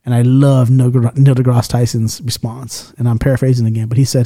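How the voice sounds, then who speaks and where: A man's voice: mid-range voice, little pitch movement, fairly quick, few pauses, dark tone. A man hosting a podcast in casual chat, loose and swearing often as he tells stories and acts out the people in them. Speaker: podcast host.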